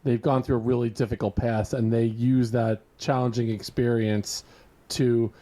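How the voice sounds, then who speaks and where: A man's voice: mid-range voice, little pitch movement, moderate pace, warm tone. A man with a mid-range voice hosts a casual podcast conversation. He builds up his questions with teasing, mock-serious flourishes before getting to the point. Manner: mock-grand, joking build-ups. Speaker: host.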